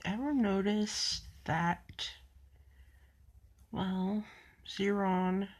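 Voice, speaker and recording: A performer putting on an odd, secretive gossip who speaks in a slow, drawn-out mutter. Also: mid-range voice, steady tone.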